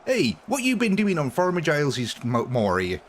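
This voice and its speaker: A man's voice: on the high side, wildly swooping pitch, normal speed, a little hiss or hum, pitched above the performer's own voice. A West Country farmer hollers about his fields in a folksy, blustery voice, as a man puts him on. The West Country burr is broad. He sounds jolly but easily cross.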